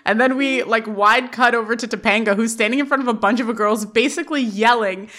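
Young woman co-host, giggly recapper, bright tone, a bit high. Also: brisk. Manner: giggly, acts out quotes while recapping. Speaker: podcast co-host. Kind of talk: casual recap chat.

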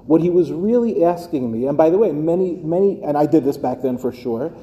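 A middle-aged man gives a live lecture as a rabbi, speaking casually and throwing rhetorical questions at the room. His voice is somewhat high yet dark and mellow. A long reverb hangs on every word, as in a lecture hall. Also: expressive, a little fast. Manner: conversational, addresses listeners directly with rhetorical questions. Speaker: rabbi teaching educators.

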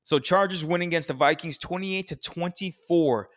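A man's voice: fairly high pitch, moderate pace, a bit bright. A man co-hosting a podcast, chatting casually about football in a rambling, opinionated, profane way. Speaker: podcast co-host. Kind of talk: casual sports chat.

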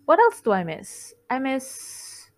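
A woman's voice: high-pitched, wildly swooping pitch, slow pace. Rambling, giggly young woman confiding. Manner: rambling, self-interrupting, giggly; heartfelt and candid. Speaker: podcast host. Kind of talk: casual confessional monologue.

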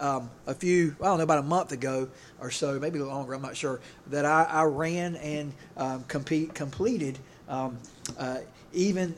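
A middle-aged man, preaching a casual sermon in a rambling, halting way, full of fillers and restarts. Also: on the high side, a little hiss or hum. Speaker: pastor.

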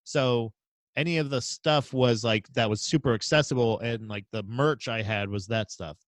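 A man co-hosts a podcast, talking at a normal speed in a medium-pitched voice over a dry recording. His casual chat turns into lively, rambling tales laced with profanity.

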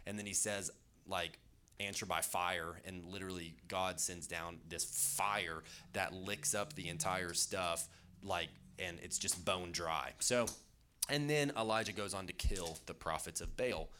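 A man's voice: sits low, a bit bright, slight background noise. A young man preaching a casual youth sermon, chatty and loose, with jokey asides and lots of fillers. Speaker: youth pastor.

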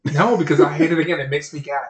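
A man co-hosting a podcast in casual chat, playful and quick to jump between topics and silly voices. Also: on the high side, steady tone. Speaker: podcast co-host.

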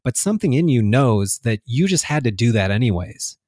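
A man's voice: medium pitch, sing-song, fairly quick, a little mellow, dry recording, clean studio sound. A man talking reflectively in a casual spiritual conversation, laughing often and restarting his sentences.

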